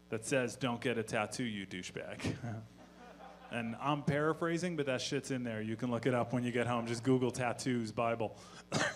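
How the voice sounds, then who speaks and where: A man doing a stand-up comedy set on stage, telling stories in a deadpan voice with profane asides. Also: medium pitch, slight background noise. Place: live comedy venue on stage.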